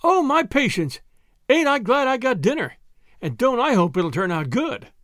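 Man doing a high excitable farm girl. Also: a little fast, no room sound, studio quality. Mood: excited.

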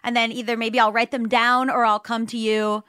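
A young adult woman co-hosting a podcast, giving casual advice in an animated way, acting out quoted reactions and often asking "you know what I mean". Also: on the high side, moderate pace, clear, resonant tone, no echo, studio quality. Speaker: podcast co-host.

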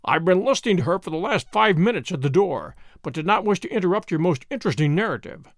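Man voicing a crisp, sharp-witted detective. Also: sits high, sing-song, fast, no room sound, studio quality, full character voice. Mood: teasing. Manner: crisp, teasing, commanding.

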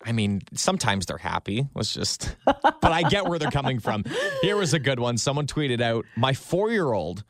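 A man's voice: mid-range voice, big pitch swings, normal speed, dry recording. A man co-hosting a radio show, chatty and enthusiastic in casual banter, on a close studio mic. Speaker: radio co-host.

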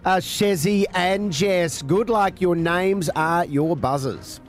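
A man's voice: high voice, takes it slowly, soft background music. A man hosting breakfast radio, upbeat and taking callers. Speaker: radio host.

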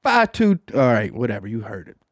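A man's voice: fairly low pitch, huge pitch swings, fairly quick, breathy edge, no room sound. A man hosting a podcast, chatting in a loose, rambling, profane way with lots of fillers, recorded in a studio booth. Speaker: podcast host. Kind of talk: casual podcast chat.

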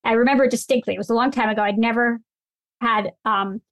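Woman, higher voice, animated, emphatic, chatty interview guest. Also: fast talker, dry recording. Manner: emphatic, animated storyteller, laughs often. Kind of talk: casual interview chat.

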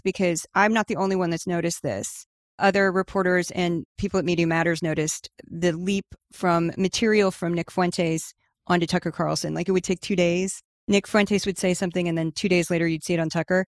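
A woman's voice: on the low side, dry recording. Chatty woman guest, dry close sound. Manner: animated, casual with frequent "like". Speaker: guest, media newsletter writer. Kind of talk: interview answers.

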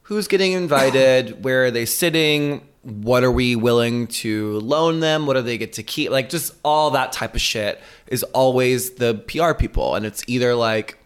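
Guy co-hosting a vlog, chatty and swears a lot, mid-pitched voice. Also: normal speed, few pauses, clean tone. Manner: chatty storyteller who swears freely. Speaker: co-host. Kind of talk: casual chat.

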